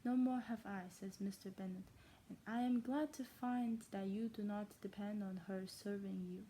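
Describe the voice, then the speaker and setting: A woman voicing a female reader of a classic novel in a fake German accent, reading aloud haltingly with stumbles and rereads. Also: medium pitch, fairly even intonation, mellow, a little hiss or hum, close to an everyday voice, poor audio. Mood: careful reading.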